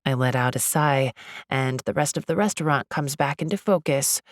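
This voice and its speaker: A woman narrating a romance audiobook in the first person, with an expressive, chatty delivery. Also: rumbling low, normal speed, no room sound, studio quality. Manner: expressive, chatty, lively inner monologue.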